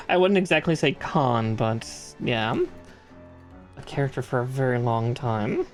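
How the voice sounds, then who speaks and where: A man talking casually on a live stream as he builds a model kit, at an average pitch with soft music under him. He chats freely, laughs often and calls out part numbers as he works. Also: measured pace.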